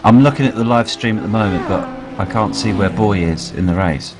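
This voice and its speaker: A man's voice: fairly low pitch, fairly quick. A man in casual chat from the commentary box, curious and a little tired.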